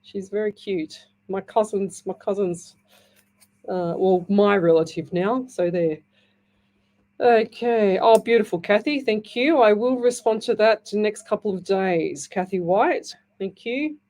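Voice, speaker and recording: A woman's voice: medium pitch, a little slow. A middle-aged woman hosting a live call-in psychic show, chatty and affectionate, reading out comments and explaining things in plain terms. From Australia. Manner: chatty, warm-hearted, calls listeners lovey and hun. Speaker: psychic medium radio host.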